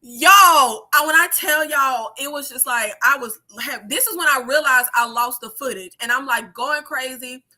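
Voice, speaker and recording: A woman in her thirties chatting casually on a livestream in an animated way, swearing freely, laughing and using many fillers. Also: high-pitched, normal speed, hardly any pauses. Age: 30s. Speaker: YouTube creator.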